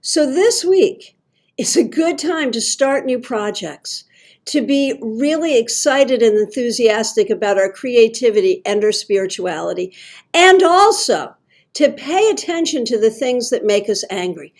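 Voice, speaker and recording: Unhurried, chatty middle-aged woman tarot host. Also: on the high side, sing-song. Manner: warm, chatty and enthusiastic. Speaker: tarot reader, show host. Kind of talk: friendly livestream tarot reading.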